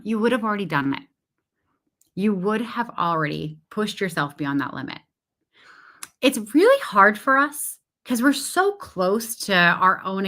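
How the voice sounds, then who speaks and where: A woman's voice: mid-range voice, fairly bright tone. A woman business coach talking candidly and animatedly to her listeners, correcting herself and laughing as she goes. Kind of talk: casual solo podcast talk.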